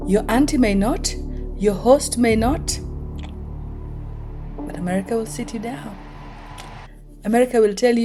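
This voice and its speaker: A woman's voice: fairly high pitch, takes it slowly, long pauses, warm tone, soft background music. A middle-aged woman from Kenya with a Kenyan accent, telling stories in a casual vlog, laughing often and acting out the voices she quotes. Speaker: vlogger. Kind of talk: casual storytelling monologue.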